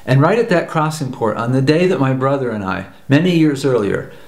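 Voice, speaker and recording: A man's voice: mid-range voice, animated, brisk, a little mellow. A man from the United States telling a story in an earnest talk, repeating phrases for emphasis. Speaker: personal growth teacher. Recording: roomy echo.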